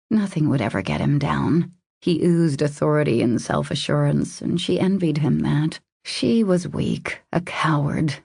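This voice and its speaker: A woman with a low, dark voice narrating a romance audiobook in a measured, intimate way. Her tone has gravelly fry and a husky, breathy grain. The recording is dry and close. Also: no echo.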